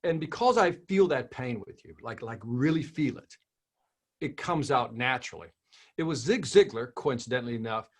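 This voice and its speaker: A man guesting on an interview, talking through his approach to selling with emphatic repetition and rhetorical questions. His voice has a husky, slightly rough edge. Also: mid-range voice. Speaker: sales trainer guest. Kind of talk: interview conversation.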